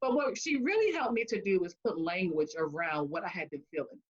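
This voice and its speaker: A woman's voice: fairly low pitch, a little fast, husky, lo-fi sound. A woman speech-language pathologist and coach, answering interview questions by telling a personal story with acted-out quotes and frequent laughter. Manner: animated storyteller who acts out quotes and laughs often.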